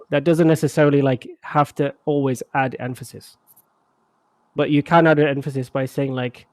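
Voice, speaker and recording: A man's voice: on the high side, a little mellow, no room sound. A man teaching a casual live language class, chatty and often checking that students follow. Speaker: Arabic teacher.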